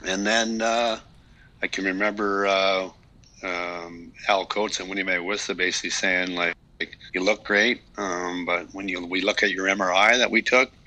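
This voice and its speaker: A deep-voiced man in his fifties talks through his past candidly, circling back and restarting as he goes. His tone has a sharp, forceful edge to it. It is a relaxed podcast interview. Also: poor audio. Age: 50s. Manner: candid, reflective storytelling with many restarts. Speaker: guest, retired hockey player.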